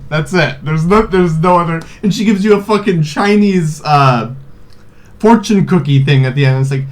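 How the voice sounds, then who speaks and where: This video host is a man in his twenties with a fairly high voice at a normal speed. His casual comedic game recap rambles along, profane and joking, packed with fillers and laughs.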